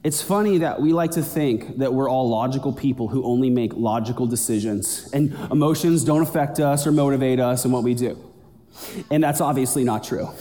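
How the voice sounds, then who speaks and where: A man preaching a sermon as a pastor, talking in a conversational way and building up energy as he goes. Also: warm tone. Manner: conversational preaching, builds in pitch toward the end. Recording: long hall reverb.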